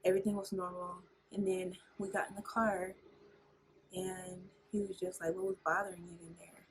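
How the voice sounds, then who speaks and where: A woman's voice: fairly low pitch, flat delivery, moderate pace. A young woman talking candidly to her camera at home, telling a personal story with lots of fillers, while a fan and men playing a video game are heard behind her. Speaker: vlogger. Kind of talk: casual chat. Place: at home indoors. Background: fan noise and men playing a video game.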